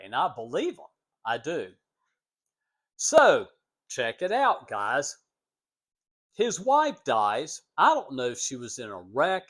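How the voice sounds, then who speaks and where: Slow-talking man with a wildly swinging voice. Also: fairly bright tone. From United States. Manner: rambling, acts out quoted voices with big pitch jumps. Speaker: vlogger telling family stories. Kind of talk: casual storytelling monologue.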